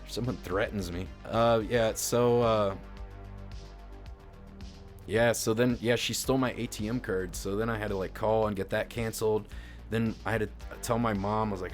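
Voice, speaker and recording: A man's voice: on the low side, fairly even intonation, moderate pace, faint music behind. A man telling a rambling, crude story on his live stream, peppered with swearing and filler words. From Indiana, US. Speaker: livestreamer.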